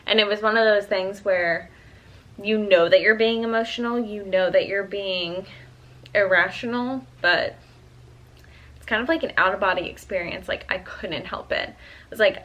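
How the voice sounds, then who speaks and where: A woman's voice: medium pitch, normal speed, fairly bright tone, muffled recording. A woman in her twenties, a vlogger, telling a personal story in a casual, chatty way, with plenty of "um" and "like". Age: 20s. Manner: chatty, full of "um" and "like".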